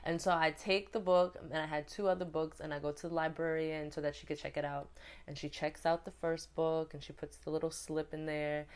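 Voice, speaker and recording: A woman's voice: low-pitched, fairly quick, clean tone. A woman from New York chatting through a personal storytime with lots of fillers. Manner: chatty, animated retelling with many fillers. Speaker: vlogger. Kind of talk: casual storytime.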